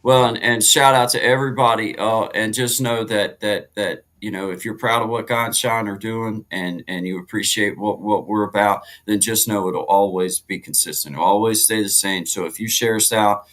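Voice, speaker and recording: A man co-hosting a casual live stream, rambling and giving shout-outs to viewers. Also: lowish voice, steady tone, normal speed, few pauses, rough recording. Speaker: co-host of a live music and talk stream.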